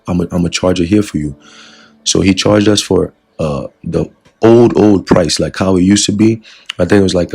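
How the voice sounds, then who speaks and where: A man giving a casual spoken testimony of a dream as a religious lesson, relaxed and full of fillers. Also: deep voice, gravelly, husky. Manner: relaxed storytelling with many fillers. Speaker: religious teacher recounting a dream.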